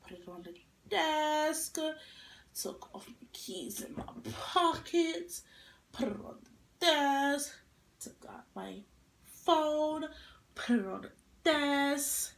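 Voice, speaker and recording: Young woman, storytime vlogger, sassy and animated, higher voice, roomy echo. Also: slow, creaky, pauses often, a little hiss or hum. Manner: animated, acting out quotes with attitude. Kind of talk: casual storytime vlog. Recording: echoey room.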